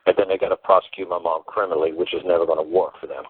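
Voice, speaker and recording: Low husky guy talking fast and blunt, tinny phone line. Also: little pitch movement, no room sound. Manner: blunt, emphatic, repeats himself. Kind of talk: call-in talk show rant. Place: on a phone call.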